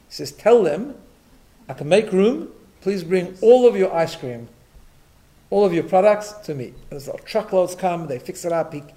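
A man's voice: on the high side, warm tone. Man giving a conversational Torah class. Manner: conversational teaching, storytelling with Yiddish and Hebrew terms, tags with "right?". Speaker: rabbi teaching a class.

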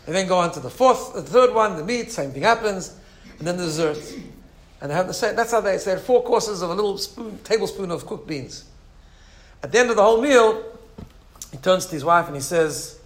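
A man teaching a religious lesson, telling a story with an animated manner and frequent asides. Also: fairly high pitch, fairly quick, a little hiss or hum.

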